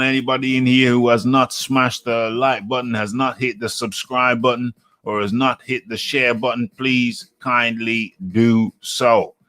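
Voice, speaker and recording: Low-voiced rambling man. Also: fairly bright tone. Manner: rambling, self-correcting, repeats phrases. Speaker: boxing talk show host. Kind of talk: casual live-stream chat.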